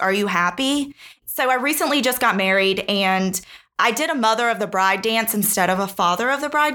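A woman's voice: medium pitch, sharp tone. A woman co-hosting a podcast, telling a personal story in an earnest, heartfelt way.

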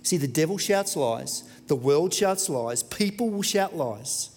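High-voiced preacher in an echoing hall. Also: male voice, lively intonation, a little slow, hardly any pauses, slight background noise. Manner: dramatic, swinging from loud to hushed. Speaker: pastor. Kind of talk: sermon.

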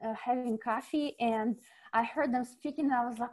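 A young woman with a Russian accent, chatting casually as an interview guest, animated and laughing often. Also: a little high, fairly quick.

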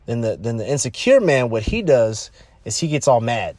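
A man talking casually and bluntly about dating, animated and repetitive, jumping higher when he quotes people. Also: moderate pace, no room sound. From California, United States. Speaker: relationship advice talker. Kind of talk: casual monologue.

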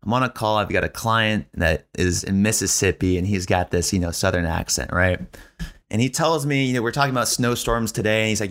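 A man hosting an interview, chatting casually and telling stories with lively swings in his voice. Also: brisk. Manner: animated storyteller with big pitch swings. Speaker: podcast host.

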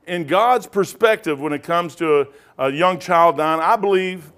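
A man's voice: a little high, normal speed, fairly bright tone. A man, a pastor teaching a casual Bible study in a folksy storytelling way. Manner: folksy storytelling, acts out quoted dialogue.

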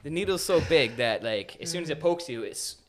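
Direct a chatty man telling a story with animated energy, a bit high, on a podcast. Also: fairly quick. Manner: animated, laughing, acts out shouting and quotes.

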